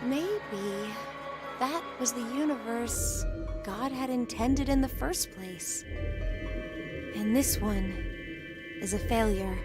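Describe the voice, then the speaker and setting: An actress voicing a calm young woman in a game who lectures and reasons step by step. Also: fairly high pitch, takes it slowly, pauses often, over loud music. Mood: calm, reasoning.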